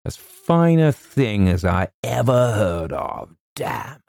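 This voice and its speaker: A man's voice: lowish voice, big pitch swings, takes it slowly, vocal fry, a little mellow, dry recording, studio quality, pitched above the performer's own voice, heavily acted. A man reading an audiobook, voicing a bluff, blustering old army colonel who stammers through fillers and oaths. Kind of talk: audiobook character voice.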